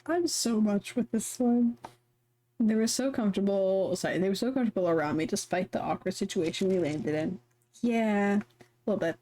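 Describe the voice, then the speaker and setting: A woman's voice: mid-range voice, mellow. Giggly rambling woman streamer. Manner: giggly, rambling, self-deprecating. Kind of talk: casual chat while playing a game.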